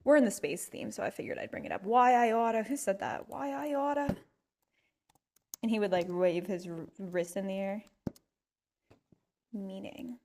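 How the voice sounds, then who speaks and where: A woman's voice: medium pitch, normal speed, dark tone, slight background noise. A woman hosting a podcast alone at home, chatting casually in a rambling, playful way. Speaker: podcast host. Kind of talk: casual solo chat.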